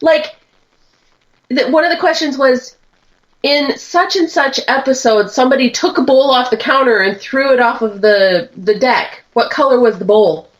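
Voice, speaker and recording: A woman co-hosting a chat show, hoarse from a sinus cold, her voice low and husky, chatty and quick to laugh. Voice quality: lowered, husky sick voice. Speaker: podcast co-host. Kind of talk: casual chat. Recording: dull lo-fi stream audio.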